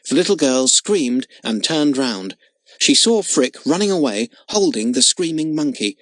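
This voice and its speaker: A man narrating a children's audiobook with an expressive, dramatic reading. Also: mid-range voice, a little slow, no echo. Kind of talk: storybook narration.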